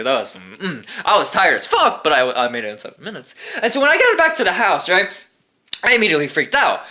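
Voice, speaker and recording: Young male storyteller, casual and wry, bright tone. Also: high voice. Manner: animated, profane, wry.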